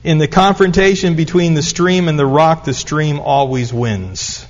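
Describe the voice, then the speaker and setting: A man's voice: a little high, unhurried. A middle-aged man preaching a sermon, telling stories and building up to emphatic repetition. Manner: storytelling, rising to emphatic repetition. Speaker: pastor. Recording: dull lo-fi recording.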